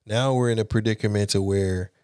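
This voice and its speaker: Low-voiced man telling a candid story. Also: fairly quick, clean tone, no echo, clean studio sound. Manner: candid, animated storytelling with profanity. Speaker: podcast guest. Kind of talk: casual storytelling.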